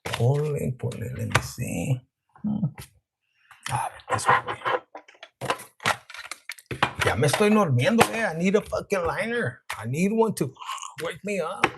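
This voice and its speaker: A man's voice: fairly high pitch, very animated, unhurried, gravelly, long pauses, heavy background noise. A man hosting a live tarot reading in a crude, joking, chatty way, talking to his viewers and dropping in Spanish words. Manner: talks to live chat viewers. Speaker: tarot reader, live-stream host.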